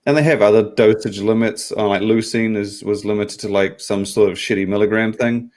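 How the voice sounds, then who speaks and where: Low, flat-voiced man rambling. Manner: rambling, halting with fillers. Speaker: panelist. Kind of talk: casual panel podcast talk.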